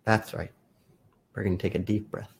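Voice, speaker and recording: A man hosting a live video as a therapist, explaining calmly in a casual, self-correcting way. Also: fairly low pitch, normal speed, gravelly, breathy edge. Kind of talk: casual live-stream talk.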